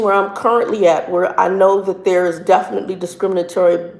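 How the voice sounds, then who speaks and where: A woman truck driver and minister giving casual, earnest advice, often halting and repeating words as she talks. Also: lowish voice, little pitch movement, creaky. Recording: echoey room.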